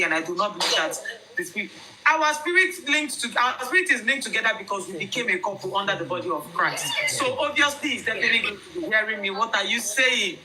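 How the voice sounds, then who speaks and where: A young Nigerian woman with a Nigerian accent telling viewers her own story in an emphatic, animated way. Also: medium pitch, poor audio. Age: young adult.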